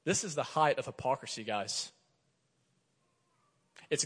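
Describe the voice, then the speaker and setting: A man's voice: medium pitch, expressive, unhurried, long pauses, fairly bright tone, slightly rough, in a large hall. A man, a pastor in his thirties, preaching a sermon in a conversational way, telling stories from his own life. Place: church sanctuary.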